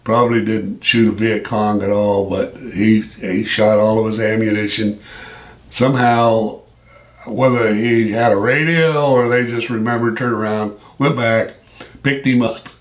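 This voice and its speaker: A man in his seventies, a veteran telling an old story in a folksy, unhurried way and chuckling often between phrases. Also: fairly low pitch, steady tone. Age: 70s. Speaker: Vietnam veteran recounting his service. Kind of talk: casual spoken storytelling.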